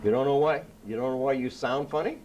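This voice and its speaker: A man's voice: medium pitch, quick pace, darkish tone, slight background noise, rough recording. A man hosting a science show, explaining things to children in a casual, playful way and checking in with "right?" again and again. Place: indoor room.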